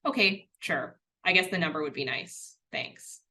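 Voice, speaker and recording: A woman voicing a dejected person who was just kicked out of their home, speaking in a flat, downcast way. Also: sits low, a little slow, voice pushed down.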